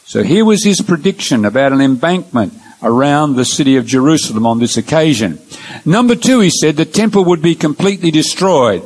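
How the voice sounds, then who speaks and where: A man's voice: a little high, lively intonation, darkish tone, low-quality recording. Earnest man teaching a Bible lecture. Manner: measured, explains point by point with numbered points.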